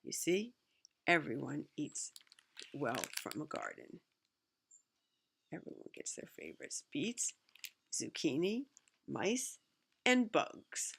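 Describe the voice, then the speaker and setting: Gravelly woman reading a picture book. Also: deep voice, very animated, takes it slowly, pauses often, a bit bright, a little hiss or hum. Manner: chatty asides between read passages. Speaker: reader.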